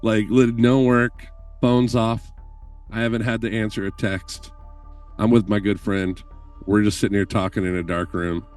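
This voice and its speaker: A man telling stories on a podcast call in an animated, profane way, laughing often. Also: lowish voice, moderate pace, distant mic, faint music behind. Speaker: guest filmmaker telling stories. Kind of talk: casual podcast chat.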